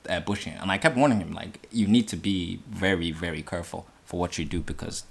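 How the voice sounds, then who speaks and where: A young man hosting a podcast, telling a story in casual chat with lots of swearing and sudden high-pitched outbursts when he quotes himself. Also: a little fast, gravelly, slightly rough. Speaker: podcast host.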